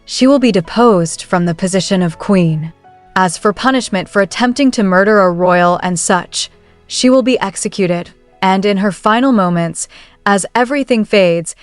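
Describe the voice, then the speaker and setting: A woman's voice: medium pitch, no echo. A woman narrating a story recap in a scripted style, reading the characters' dialogue in her own voice. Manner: reads every character's lines in her own voice.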